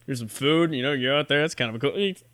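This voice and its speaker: A man on a comedy podcast, ranting with animated, crude jokes. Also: medium pitch, rapid-fire, smooth, no echo. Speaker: podcast co-host. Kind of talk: casual comedy podcast chat.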